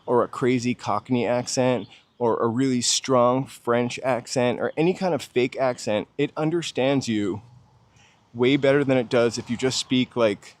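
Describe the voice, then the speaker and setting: A man's voice: medium pitch, measured pace. A man with a plain General American accent talks casually as he walks down a city street. He muses aloud, drifts between thoughts and stops to reply to his livestream viewers. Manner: chatty, musing aloud, answering viewers' chat. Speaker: walking tour livestream host. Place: outdoors on a city street while walking.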